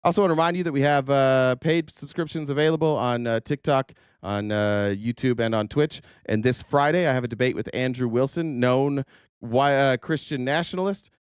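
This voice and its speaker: A man's voice: medium pitch, a little fast, clear, resonant tone, dry recording, clean studio sound. A male livestream host doing political commentary in a sarcastic, profane style with lots of "uh" fillers.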